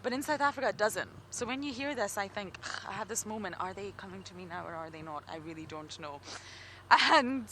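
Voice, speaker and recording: Bright-voiced Scottish woman guide. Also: mid-range voice, animated, brisk. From Scotland. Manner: chatty, good-humoured, self-mocking. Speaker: safari guide. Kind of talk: live game drive commentary. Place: outdoors in an open game vehicle.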